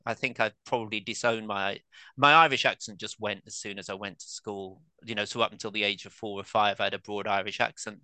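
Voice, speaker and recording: A man's voice: on the low side, bright, forceful tone, clear, resonant tone, dry recording. A man in his fifties from England, a guest author and academic, talking casually and self-deprecatingly, full of asides and fillers. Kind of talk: casual conversational interview.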